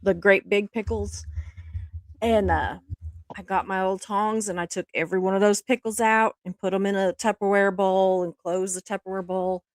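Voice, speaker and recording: A woman co-hosting a casual chat show, telling a story in a drawn-out, playful way and quoting people in a low voice. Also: steady tone, dry recording. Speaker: co-host.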